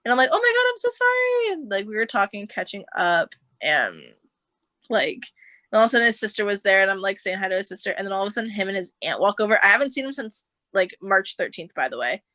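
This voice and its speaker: A young woman recounts a personal story in casual podcast chat, her voice sitting at an everyday middle pitch. She acts out the other people's lines as she goes and fills her sentences with "like." The sound is dry and close. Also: fast talker, no echo. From United States. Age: young adult. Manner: animated storyteller, acts out quotes, says like a lot. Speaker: podcast guest.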